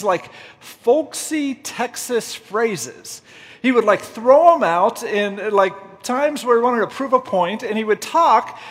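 A man's voice: high-pitched, husky, in a large hall. A man preaching a humorous, self-deprecating storytelling sermon, laughing often as he goes. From United States. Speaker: pastor.

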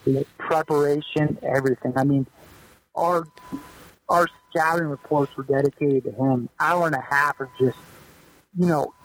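A fairly high-voiced man speaks as a podcast guest. He tells stories from his playing days in a loose, chatty way, with plenty of fillers and restarts. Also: normal speed, low-quality recording. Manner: loose, animated storyteller with lots of fillers. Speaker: guest, former pro baseball player. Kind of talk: casual podcast storytelling.

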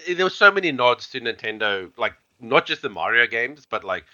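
A man rambles through a casual podcast chat with a very bright, dry-sounding voice. The recording is dull and lo-fi. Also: mid-range voice, normal speed, dry recording. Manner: rambling, animated, many fillers. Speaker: podcast co-host.

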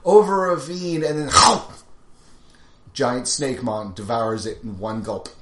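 A man playing in a tabletop game, joking with animated banter and mock lectures. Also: medium pitch, slow pace, reverberant. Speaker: player.

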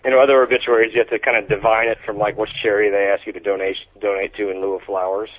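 A man co-hosting a podcast, deadpan and sardonic in casual banter. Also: fairly low pitch, rapid-fire. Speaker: podcast co-host. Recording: tinny phone-line sound.

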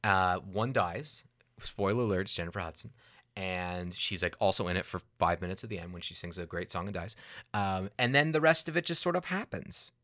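Bright-voiced man, animated and sarcastic. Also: low-pitched, fairly quick. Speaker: podcast co-host. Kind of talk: casual chat.

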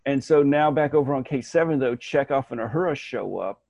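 A man co-hosting a casual podcast talks in a rambling, animated way, often restarting his sentences. His voice sits in a middle pitch. The recording is dry and a bit dull and muffled. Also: brisk, vocal fry, no echo. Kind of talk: casual chat.

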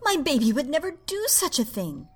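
A woman voicing a hostile older woman neighbor who shouts with scorn. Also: high-pitched, wildly swooping pitch, normal speed, faint music behind, pitched above the performer's own voice, full character voice. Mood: furious.

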